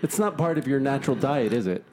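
A man's voice: medium pitch, animated, fast, a little mellow. A man co-hosting a podcast in casual chat, with crude, laughing banter. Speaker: podcast co-host. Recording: noisy podcast recording.

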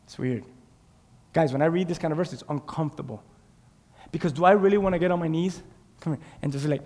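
A man preaching a sermon in a church, swinging between shouted, drawn-out lines and quiet, confiding asides. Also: fairly high pitch. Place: church sanctuary. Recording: long reverb in a large hall.

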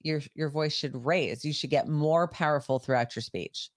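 A man's voice: fairly high pitch, moderate pace, no room sound, clean studio sound. Wry man chatting on a podcast. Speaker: podcast co-host. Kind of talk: casual political chat.

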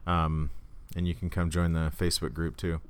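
A man's voice: deep voice, little pitch movement, normal speed, clear, resonant tone, no room sound. A man co-hosting a podcast in casual chat, rambling and self-mocking and laughing often. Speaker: podcast co-host.

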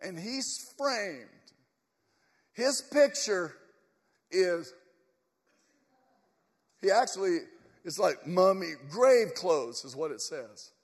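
Male pastor, high pitch, deliberate sermon delivery, church reverb. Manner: emphatic, storytelling, addresses the congregation.

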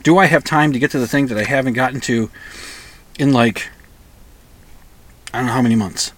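A man's voice: medium pitch, a little fast. A middle-aged man hosting a rambling comedic monologue, digressing often and restarting his sentences with repeated words. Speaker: monologue host.

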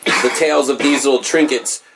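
A man in an unscripted chat, wandering from point to point and piling on fillers. His voice sits at an ordinary middle pitch. He swears offhandedly as he goes. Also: steady tone, normal speed, background noise. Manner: rambling, loose, swears casually, many fillers. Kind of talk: casual conversation.

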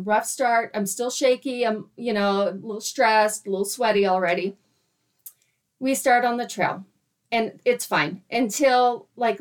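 Animated woman telling a story. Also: on the high side. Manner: animated, laughing often, acts out her own quotes. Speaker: guest storyteller. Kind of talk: casual storytelling chat.

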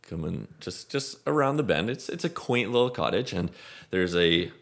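Low-voiced man narrating a tabletop game. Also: gravelly. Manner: relaxed, halting descriptions with repeated words. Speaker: game master.

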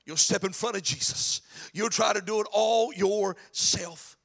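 A man preaching a sermon as pastor, mixing animated preaching with folksy storytelling and joking asides. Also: high voice, a little slow, gravelly. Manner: animated preaching, voice rising in emphasis.

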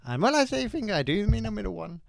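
A man co-hosts a comedy podcast, spinning jokes in a rambling, mock-theatrical way. His voice sits slightly high and moves with lively swings in pitch. The sound is close and dry. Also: fast, gravelly, no echo. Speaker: podcast co-host. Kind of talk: casual comedic banter.

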